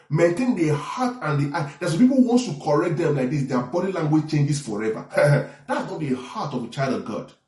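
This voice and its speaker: A man preaching a sermon as pastor, animated, often checking in with the congregation. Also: a little high. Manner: animated preaching with call-and-response asides. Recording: echoey room from far off.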